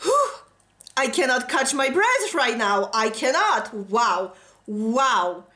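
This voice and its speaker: A woman hosting a reaction video, gasping and exclaiming breathlessly with excitement. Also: a little high, slow. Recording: roomy echo with music playing behind. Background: the reacted music video's music.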